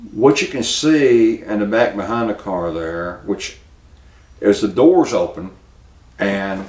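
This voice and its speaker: A man hosting a local news commentary show, talking in a plainspoken, halting way and cueing a producer to put up pictures. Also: deep voice, echoey room. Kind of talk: casual spoken commentary.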